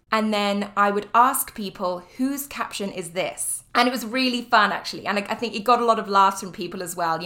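A woman's voice: mid-range voice, fairly bright tone. A young British woman from the UK hosting a podcast in a casual, upbeat solo chat, full of fillers and light laughter. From United Kingdom. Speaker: podcast host.

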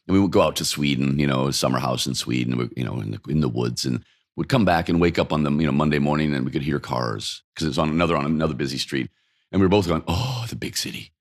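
A man in his fifties from Denmark speaks in an extremely deep voice. He argues his points with animated rhetorical questions and quick answers. He is chatting casually as an interview guest in his apartment. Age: 50s. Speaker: interview guest, urban mobility expert. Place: apartment by a busy street.

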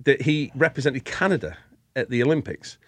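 British man, lively storyteller, dry close sound, laughs a lot. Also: medium pitch, a little fast, no room sound. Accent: British English. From England. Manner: animated storyteller, laughs often. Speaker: guest. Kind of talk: casual chat.

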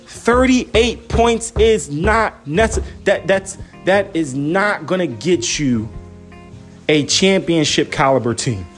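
Holding his phone camera, a young father and sports vlogger rants casually about his basketball team in a voice on the high side. He shoots off quick, incredulous rhetorical questions with animated energy. Soft background music accompanies him.

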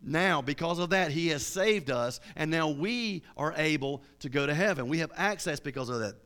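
Guy preaching a sermon, fired up, keeps repeating himself, slightly high voice. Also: lively intonation, normal speed, a bit bright. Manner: fervent, repeats and restarts words.

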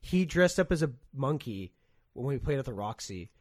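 A man's voice: medium pitch, sing-song, moderate pace, no room sound, clean studio sound. A young man from Canada telling a long casual story, rambling and swearing with lots of "like". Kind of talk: casual chat.

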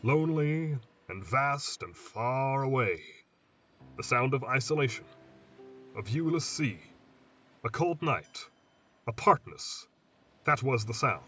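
A man narrating a dark story in a measured, atmospheric reading, as storyteller host, heard on a distant, muffled recording. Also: mid-range voice, animated, breathy edge. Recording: distant muffled mic, faint hiss.

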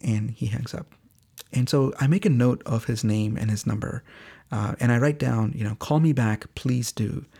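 A man hosting a podcast, telling a story about phone banking in an earnest, halting way. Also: medium pitch, vocal fry, dark tone, breathy edge. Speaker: podcast host and phone bank organizer.

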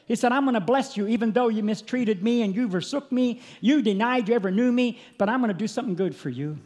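A male preacher giving an impassioned sermon, rising to loud peaks and dropping back to a low, earnest tone. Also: quick pace. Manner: impassioned, builds to shouting peaks then drops quiet. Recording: long hall reverb.

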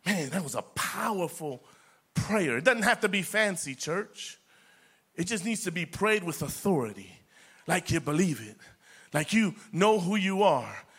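A man preaching a sermon to his church, swinging between loud declarations and soft whispers and repeating words for emphasis. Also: high voice, expressive, normal speed, slightly rough. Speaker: pastor.

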